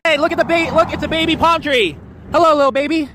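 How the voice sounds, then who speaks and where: A man rambles playfully to his handheld camera while walking along a road, cracking jokes and narrating whatever he passes. His voice sits high and bright, with faint outdoor noise behind it. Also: fast talker. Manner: playful, rambling, jokey asides. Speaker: vlogger walking across the country. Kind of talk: goofy walking vlog. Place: roadside outdoors.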